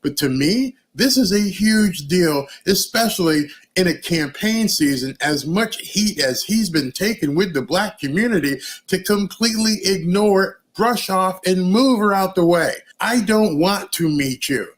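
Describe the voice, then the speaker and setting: A man's voice: high-pitched, expressive, a little slow, few pauses. Emphatic male political commentator. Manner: emphatic, indignant, rhetorical questions. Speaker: news commentary host. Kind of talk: political commentary reacting to video.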